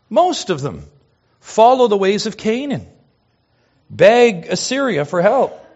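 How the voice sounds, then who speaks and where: Animated male preacher, lo-fi sound. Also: high-pitched, slightly rough. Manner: expressive preaching, swinging between loud emphasis and hushed asides. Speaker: pastor. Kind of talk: sermon.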